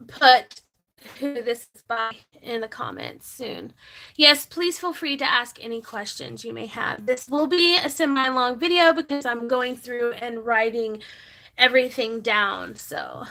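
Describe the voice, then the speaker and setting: A woman's voice: high-pitched, rough recording. A young woman chatting casually in a planner vlog as she writes on camera, talking openly about feeling anxious. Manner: chatty, warm toward viewers, talks while writing. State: nervous, anxious. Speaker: planner vlogger.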